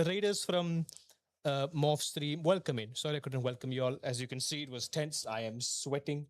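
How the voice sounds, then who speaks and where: A man's voice: fairly high pitch, moderate pace. A young man, streaming a sim race and venting aloud in repeated questions and mumbled asides. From Malaysia. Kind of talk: live gaming stream commentary.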